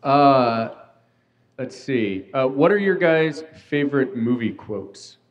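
A man slowly and hesitantly reading out a question in casual chat. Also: medium pitch, expressive, dull audio.

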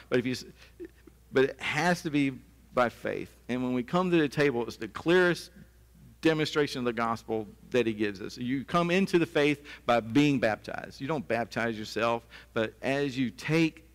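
A man's voice: mid-range voice, in a large hall. A man preaching a sermon as pastor, earnest and conversational, now and then breaking into a laugh.

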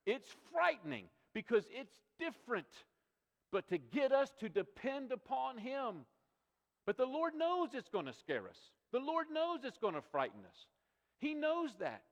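A man's voice: very high voice, huge pitch swings, unhurried. A male pastor preaching a sermon, emphatic and repetitive, asking rhetorical questions of his congregation. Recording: long reverb of a large hall.

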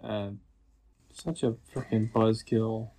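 A woman co-hosting a podcast, cracking jokes and teasing with quick interruptions. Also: very deep voice, steady tone, dark tone, breathy edge. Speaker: podcast co-host. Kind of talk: casual chat.

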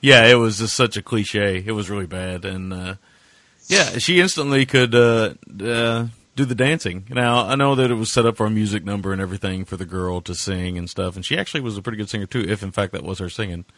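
A man's voice: lowish voice, a little fast, a bit bright, dry recording. A man co-hosting a casual movie review podcast, rambling and sarcastic, with lots of filler words. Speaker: podcast co-host.

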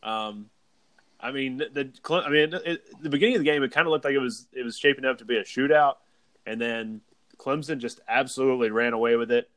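A man's voice: mid-range voice, brisk, fairly bright tone, dry recording. Young male host, casual and rambly, dry close-miked sound. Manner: rambling, many fillers. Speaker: podcast host. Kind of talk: casual podcast chat.

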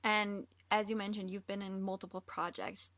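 A woman's voice: medium pitch, flat delivery, moderate pace, a bit bright. A woman hosting a podcast, asking a guest questions in a casual way with "like" as filler. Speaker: podcast host. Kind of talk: interviewing a guest.

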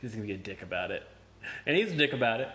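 A man's voice: lowish voice, very animated, rapid-fire, bright, forceful tone. A young man casually telling a story in a podcast chat, swearing a lot, laughing and acting out quotes. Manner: profane, laughing, acts out quotes.

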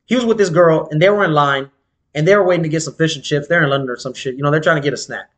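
A man chatting casually as a podcast co-host, telling animated, slangy, profane stories. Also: very fast. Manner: animated storytelling, swings pitch wide, slangy and profane. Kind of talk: casual chat.

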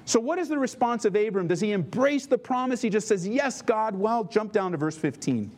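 Man, pastor, sermon, fairly high voice, chatty, asks questions. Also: lively intonation, a little fast, a little mellow. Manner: conversational, asks the listeners questions.

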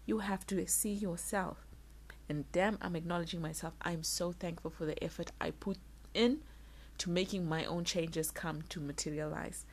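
A young woman vlogging candidly, telling an emotional personal story in quick, animated bursts. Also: on the low side. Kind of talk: casual vlog monologue.

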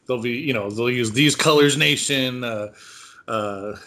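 A man's voice: mid-range voice, a little slow, sharp tone. A man co-hosting a casual podcast chat, rambling with lots of fillers and frequent laughs. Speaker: podcast co-host.

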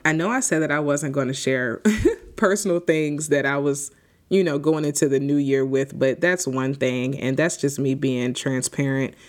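A woman's voice: a bass voice, moderate pace. A woman in her twenties hosting a solo podcast, talking off the cuff in a rambling, heartfelt and grateful way. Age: 20s. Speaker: podcast host. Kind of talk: unscripted solo podcast reflection.

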